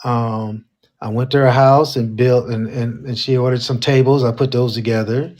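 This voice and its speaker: A man's voice: medium pitch, fairly even intonation, moderate pace, darkish tone. A man co-hosting a casual talk show, telling a dating story and acting out the quoted lines. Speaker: co-host.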